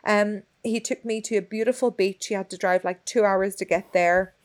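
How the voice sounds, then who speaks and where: A woman holds forth in relaxed podcast chat. She tells her story with lively, expressive turns and frequent swearing, at a medium pitch. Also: moderate pace. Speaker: podcast co-host. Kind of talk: candid casual chat.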